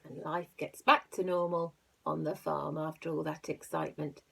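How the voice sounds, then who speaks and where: A teacher reading a picture book aloud to young children. She plays up the animal noises and drops into hushed asides between the lines. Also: low-pitched, steady tone, normal speed, creaky, a little hiss or hum.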